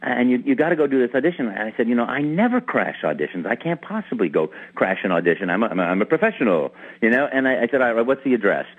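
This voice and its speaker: A man in his fifties, a voice actor guest in an interview, telling a story in an animated way with lots of repeated words and restarts. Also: medium pitch, quick pace, hardly any pauses, breathy edge. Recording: tinny phone-like radio line.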